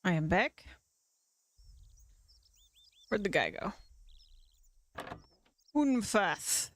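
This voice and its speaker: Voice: mid-range voice, big pitch swings, drawn-out words, a bit bright, slight background noise. A game streamer talking casually to themself while playing live, muttering plans aloud. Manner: chatty, muttering to self. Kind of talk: casual live gameplay talk.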